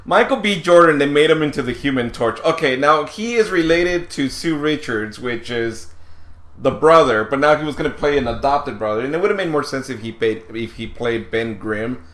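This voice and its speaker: A man's voice: mid-range voice, expressive, moderate pace, a bit bright, reverberant. A man co-hosting a podcast in casual chat, rambling and hesitant, often stopping to search for names. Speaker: podcast co-host.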